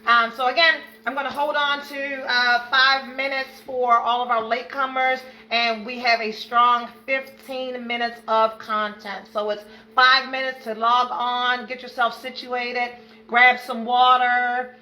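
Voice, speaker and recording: A woman's voice: a little high, little pitch movement, unhurried, pushed and bright, low-quality recording. An older woman hosting a live self-care stream, greeting viewers by name with effusive energy. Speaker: livestream host.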